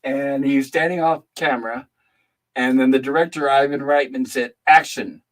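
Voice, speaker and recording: A man's voice: mid-range voice, fairly even intonation, normal speed, poor audio. Older man with blunt opinions. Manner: opinionated, rambling. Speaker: host. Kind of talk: casual chat, storytelling.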